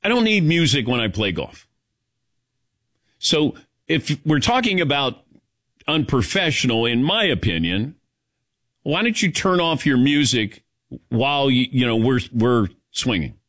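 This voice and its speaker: A man's voice: mid-range voice, measured pace, pauses often. A man hosting a talk radio show, telling a rambling story casually with lots of fillers. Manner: rambling, animated, many fillers.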